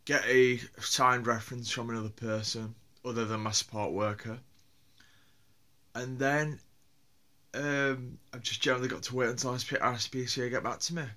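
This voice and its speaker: A man's voice: mid-range voice, steady tone, moderate pace, bright, forceful tone. A man from Yorkshire with a Yorkshire accent, vlogging on his own in a rambling, hesitant way with many fillers and restarts. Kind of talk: casual solo vlog.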